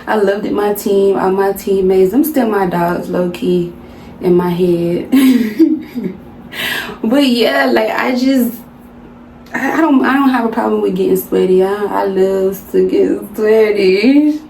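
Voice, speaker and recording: A young woman from the American South talks in a loose, slangy way, calling her viewers y'all. Her voice sits at an ordinary pitch for a woman. The room around her sounds roomy, with a faint hiss under everything. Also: a little slow, pauses often, a little mellow. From Southern United States. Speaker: vlogger. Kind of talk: casual chit-chat vlog. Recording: roomy home recording with faint background noise.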